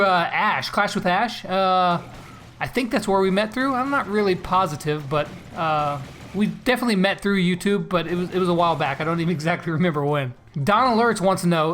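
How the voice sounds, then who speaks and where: A man's voice: high-pitched, a bit bright. A man in his thirties from California, answering viewer questions and commenting on gameplay in an upbeat, joking, chatty way. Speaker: gaming YouTuber. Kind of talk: casual Q&A vlog with gameplay commentary.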